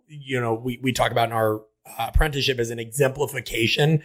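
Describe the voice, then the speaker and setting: A man with a mid-range voice talks very fast as a guest on a casual podcast. He is animated and analytical, and he builds his points through anecdotes. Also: mid-range voice.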